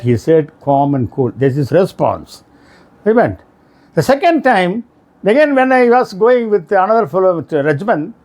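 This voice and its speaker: A middle-aged man with an Indian English accent giving a motivational lecture, telling stories and acting out the quoted shouts. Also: high voice. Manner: animated storytelling, acts out quoted shouts. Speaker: speaker on emotional intelligence.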